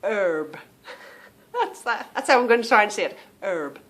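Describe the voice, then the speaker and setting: A woman's voice: on the high side, very animated, brisk, a bit bright. A woman from England with a British accent, hosting a podcast in a chatty, meandering way that often trails off. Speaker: podcast host. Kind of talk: casual chat.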